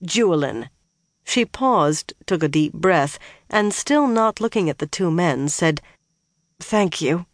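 A steady audiobook narrator reads a fantasy novel with an even, unhurried delivery. The voice sits mid-pitch, neither high nor low. The booth is dead and dry, with no room echo.

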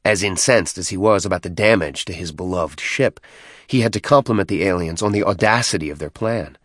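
Low-voiced man reading a story. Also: brisk, fairly bright tone, dry recording, studio quality. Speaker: audiobook narrator. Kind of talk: scripted narration.

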